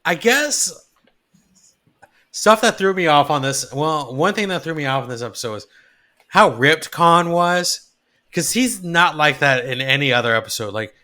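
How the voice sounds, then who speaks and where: Bright, slightly high-voiced man chatting. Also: animated, normal speed. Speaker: podcast co-host. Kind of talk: casual chat.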